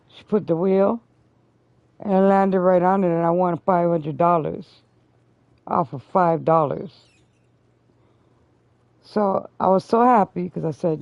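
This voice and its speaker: A female streamer host, her voice creaky, tells a long story during casual chat and swears freely, getting loud and high-pitched whenever she quotes someone. The recording is dry, with dull lo-fi stream audio.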